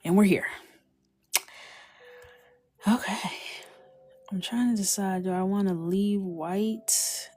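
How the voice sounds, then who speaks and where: A woman's voice: mid-range voice, fairly even intonation, slow pace, pauses often, a little mellow. A woman chatting casually while she colors, playful and talking to herself, often dropping to a whisper. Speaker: coloring creator. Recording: clear music underneath. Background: music.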